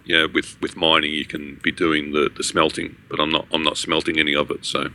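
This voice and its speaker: A man's voice: rumbling low, flat delivery, a little fast, vocal fry, sharp tone. A man co-hosting a gaming podcast, talking in a rambling casual way with many restarts and fillers. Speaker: podcast co-host.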